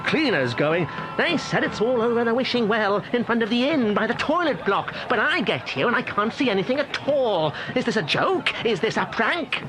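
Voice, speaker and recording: Chatty warlock actor in a game; high, lively, mocking delivery over music. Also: male voice, normal speed, few pauses. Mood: gossipy. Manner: chatty, mocking, acts out quotes in funny voices. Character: cheeky gossipy male warlock actor at a theme park.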